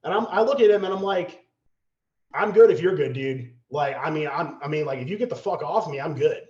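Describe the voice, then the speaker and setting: Talking at a quick clip in a slightly high voice, a man guesting on a podcast recounts a story casually and with plenty of profanity. He animatedly acts out what people said, over roomy, somewhat dull podcast audio.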